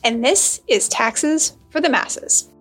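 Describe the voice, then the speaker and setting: A woman's voice: high voice, slow, music in the background. A woman co-hosting a podcast, explaining topics in an upbeat, casual way. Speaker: podcast co-host.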